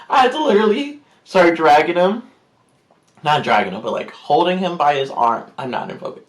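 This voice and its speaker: A man's voice: a little high, normal speed. A man telling a story in a casual vlog, rambling with many fillers and acting out the people he quotes. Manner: animated, acts out quotes in put-on voices. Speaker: YouTuber.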